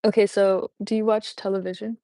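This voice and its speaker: A woman's voice: mid-range voice, level tone, brisk, creaky, mellow, no room sound. A woman hosting a casual live stream chat, rambling with many fillers and laughing often. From United States. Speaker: livestream host.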